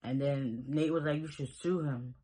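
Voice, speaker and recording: A man's voice: mid-range voice, fairly even intonation, mellow, rough recording. Rambling man recapping a show. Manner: rambling storytelling, quick quoted asides. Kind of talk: casual episode recap.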